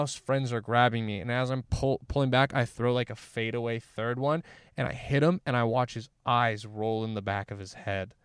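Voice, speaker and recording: A man's voice: medium pitch, clear, resonant tone, dry recording, clean studio sound. A young man telling a story in casual chat, rambling and swearing, with lots of "like" fillers. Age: young adult. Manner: rambling, swearing, heavy use of "like". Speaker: guest, former college athlete.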